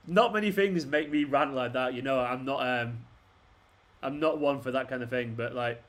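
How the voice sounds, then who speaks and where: A man's voice: medium pitch, unhurried, fairly bright tone. A young man hosting a football watchalong stream, ranting at the players on screen and swearing often. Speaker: fan channel host. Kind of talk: live football watchalong commentary.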